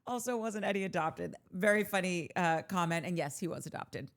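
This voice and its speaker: Lower-pitched woman co-host reading comments. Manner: animated, quick asides between readings. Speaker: podcast co-host. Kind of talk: casual chat, reading listener comments aloud.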